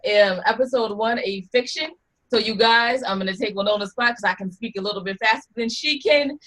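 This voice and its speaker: A woman co-host keeps a casual talk show moving at a brisk clip and teases her partners. Her voice is husky and slightly rough. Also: fairly high pitch, a bit bright. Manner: brisk and teasing.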